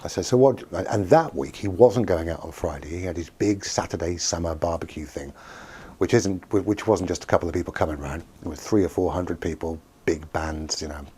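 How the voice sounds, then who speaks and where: A man, a hypnotherapist telling a client story in a lively way and acting out both sides of the conversation. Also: sits low, a little fast, husky. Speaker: hypnotherapist and NLP practitioner. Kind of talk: anecdotal storytelling to camera.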